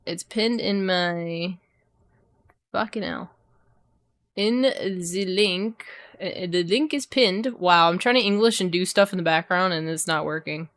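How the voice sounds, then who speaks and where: A woman's voice: lowish voice, unhurried, fairly bright tone, dry recording, clean studio sound. A young woman streamer casually chatting and swearing with her chat while she does a craft, her voice sometimes fading as she turns from the mic. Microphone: desk microphone, voice drops when she turns away.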